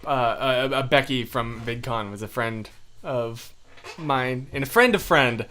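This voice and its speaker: A man's voice: mid-range voice, unhurried, pushed and bright, slight background noise. A young man hosting a livestream, chatting casually with viewers in a rambling, self-deprecating way. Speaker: livestream host.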